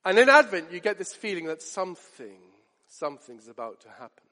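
A man with a high voice delivers a sermon, earnest and deliberate, leaning on repeated phrases. His words ring out with a long reverb trailing behind them, as in a large church. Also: sing-song, pushed and bright. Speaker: preacher.

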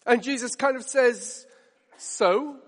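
High-voiced man preaching in a reverberant hall. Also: lively intonation, moderate pace, fairly bright tone. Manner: emphatic, builds stakes with repetition and rhetorical questions. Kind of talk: sermon.

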